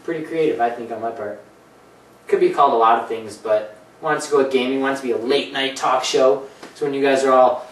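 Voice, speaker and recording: A man's voice: mid-range voice, steady tone, fairly quick, slight background noise. Man, comedy show host, rambling jokey banter, distant mic, echoey room. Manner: rambling, jokey, slips into put-on voices.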